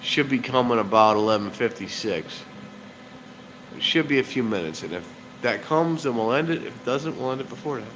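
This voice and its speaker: A man's voice: medium pitch, lively intonation, brisk. Chatty nasal man streaming on a phone. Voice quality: nasal, congested. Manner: rambling, chatty, reads comments aloud. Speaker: live streamer, train-watching channel host. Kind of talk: casual live-stream chat. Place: outdoors by railroad tracks at night. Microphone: phone held in hand. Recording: outdoor noise on a handheld phone.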